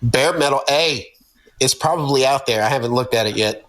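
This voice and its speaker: A man's voice: mid-range voice, normal speed, fairly bright tone, rough recording. A man guesting on a podcast, telling stories in a profane, laughing, casual way.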